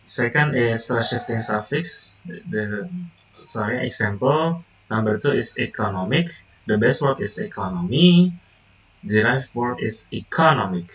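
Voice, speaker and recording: A young man, a student whose first language is Indonesian, reading a class presentation haltingly, with restarts and self-corrections. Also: medium pitch, expressive, fairly bright tone, recorded from a distance, dull audio. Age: young adult.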